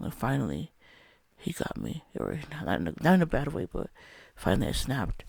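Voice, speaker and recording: Gravelly man telling a spiritual story. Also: mid-range voice, huge pitch swings, fairly quick, dry recording. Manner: rambling and candid, with profanity. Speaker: vlogger.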